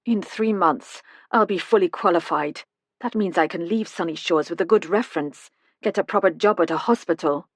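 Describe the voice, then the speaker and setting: A woman narrator voicing an earnest young female nursing apprentice who speaks quickly and urgently. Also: fairly low pitch, dry recording, clean studio sound, close to an everyday voice.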